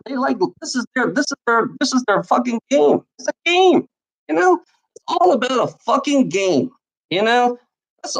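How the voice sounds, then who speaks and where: A man's voice: high voice, low-quality recording. A man ranting angrily to his viewers, swearing constantly and stammering through restarts and repeated phrases. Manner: profane, repetitive, stammering restarts. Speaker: video maker. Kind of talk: angry rant to the camera.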